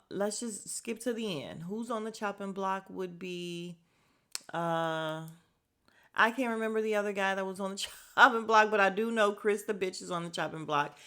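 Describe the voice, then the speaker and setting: A woman's voice: mid-range voice, a bit bright, smooth. A woman hosting a podcast, recapping in a casual, blunt and opinionated way, swearing freely, with lots of fillers and asides. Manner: chatty with frequent fillers and asides. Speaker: podcast host reviewing a reality dating show.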